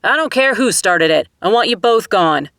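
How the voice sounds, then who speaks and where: A woman's voice: mid-range voice, animated, moderate pace, sharp tone, clear, resonant tone, no room sound, studio quality, voice pushed up. A woman voicing a firm male security guard who gives orders. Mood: stern. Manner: firm, commanding.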